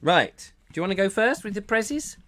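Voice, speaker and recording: Animated jokey man hosting. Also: sits high, a little fast, slight background noise. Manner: jokey, playful, rambling asides. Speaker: host. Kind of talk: comic live chat show.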